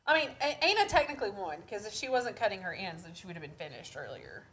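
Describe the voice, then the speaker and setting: A woman's voice: mid-range voice, sing-song, fast, a bit bright. A woman co-hosting a craft livestream, chatting casually and poking fun at her own handiwork. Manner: wry, self-deprecating. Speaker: co-host. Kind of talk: casual chat while crafting.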